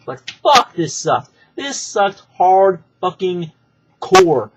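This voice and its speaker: A man's voice: sits high, big pitch swings, slow pace, background noise. A man giving a ranting video review, profane and exasperated, hammering his points with emphatic repetition. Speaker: wrestling show reviewer.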